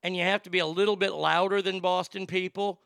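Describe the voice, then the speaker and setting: A man's voice: high-pitched, steady tone, a little fast, creaky, a bit bright, clear, resonant tone, no room sound. A man hosting a comedic talk show, ranting in a profane, sarcastic way into a close studio mic. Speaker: host.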